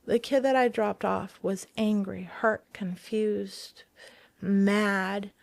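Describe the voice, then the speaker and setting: A woman, a guest in an interview, telling a personal story in a casual, animated way and acting out the dialogue she quotes. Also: medium pitch, takes it slowly, gravelly, dry recording.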